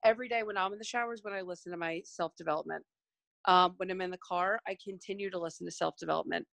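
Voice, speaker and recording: A woman's voice: fairly low pitch, fairly even intonation, fast, creaky, fairly bright tone, no room sound. A woman speaking earnestly on a video call to her team, admitting her own excuses and growing tearful. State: near tears. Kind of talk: emotional group call testimony.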